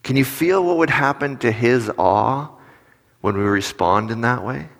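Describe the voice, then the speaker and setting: A man preaching a sermon in a conversational way. He asks his listeners questions and turns animated when he acts out little stories. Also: medium pitch, unhurried, creaky. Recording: long reverb of a large hall.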